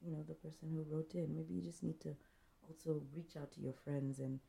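A woman's voice: deep voice, a little fast, creaky. A woman co-hosting a podcast, telling a personal story in a casual chat and acting out what her friends said. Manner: animated storytelling, acts out quoted friends, laughs often. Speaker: podcast co-host.

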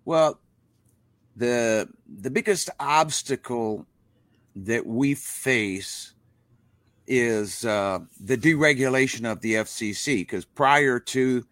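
An older man holds forth with the passion of a preacher, dropping folksy grammar as he goes. His voice sits at an ordinary male pitch and sounds dry, as if right on the mic. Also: slow, a bit bright, dry recording. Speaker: interview guest, rock musician. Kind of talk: casual interview over a live stream.

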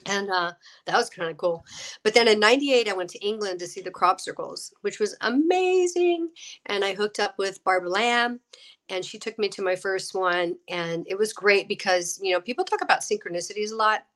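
A middle-aged woman, an actress getting over a cold, telling her story in a lively, animated way, acting out quoted voices and laughing often. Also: medium pitch, moderate pace. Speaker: guest, actress and UFO experiencer.

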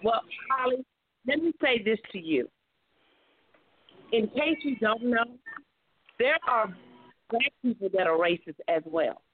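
Husky woman coaching over a phone line. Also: a little high, animated, a little slow, long pauses, no room sound. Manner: earnest, encouraging, preacher-like repetition. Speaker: radio talk show host, life coach. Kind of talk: advice talk on a call-in show.

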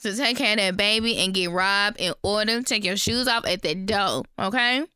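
A woman co-hosting a podcast, telling gossip in a casual, animated way and jumping into high voices for the people she quotes. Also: moderate pace, clean tone, dry recording, studio quality. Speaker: podcast co-host.

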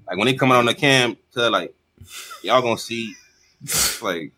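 A man's voice: medium pitch, normal speed, sharp tone. A man in casual chat about battle rap, slangy and laid-back, often trailing off mid-sentence.

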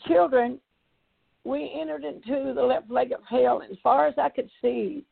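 A woman's voice: high voice, fairly even intonation, moderate pace, creaky, breathy edge, no room sound. An older evangelist woman, giving an emphatic testimony and repeating phrases for effect. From Tennessee, US. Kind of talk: testimony preaching. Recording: tinny phone-like audio.

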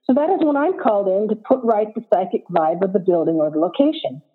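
Woman voicing a young psychic lady, lilting and sincere, husky, phone-line sound. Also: mid-range voice, animated, fast talker. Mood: earnest. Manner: lilting, pleasant, a bit indignant.

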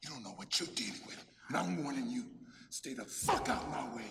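A furious cop growls his threats, his voice gravelly and rough at the edges, his pitch lurching up and down. He sounds like a film clip, buried under loud hiss and crackle. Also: sing-song, fairly quick. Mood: menacing. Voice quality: gravelly, low menacing hiss. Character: enraged male police lieutenant threatening someone.

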